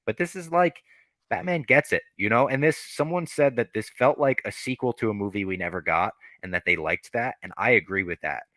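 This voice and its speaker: A man's voice: fairly low pitch, brisk, a bit bright, dry recording. A man hosting a podcast, reviewing a movie in casual chat, enthusiastic and profane. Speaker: podcast host.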